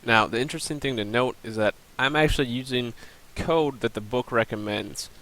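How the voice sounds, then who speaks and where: A man's voice: medium pitch, brisk, a bit bright, low-quality recording. A young man giving a recorded class presentation, plainly explaining and walking through a screen demo with the odd um and uh. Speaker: student presenter.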